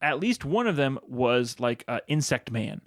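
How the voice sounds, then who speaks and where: A man's voice: medium pitch, very animated, unhurried. A man co-hosting a casual video game podcast, rambling and teasing his co-host. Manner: teasing, rambling, many fillers.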